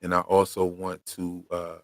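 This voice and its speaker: A man's voice: low voice, completely flat delivery, unhurried, no echo. A man from Pennsylvania with a Philadelphia accent, co-hosting a loose, slangy livestream chat and reading viewer comments aloud. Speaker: podcast co-host.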